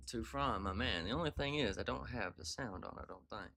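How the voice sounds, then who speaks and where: A man with a lowish voice hosts a relaxed livestream from his desk mic. He greets viewers by name and riffs in loose, slangy banter. He laughs easily between lines. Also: a little fast, vocal fry. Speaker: livestream host. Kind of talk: casual livestream chat.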